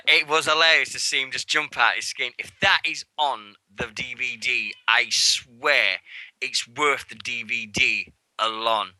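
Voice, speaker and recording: Excitable man rambling about wrestling, bright. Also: medium pitch, unhurried, dry recording, low-quality recording. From England. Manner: rambling and excitable, swears freely, acts out moments. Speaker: wrestling radio co-host. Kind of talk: casual show recap chat. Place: radio studio.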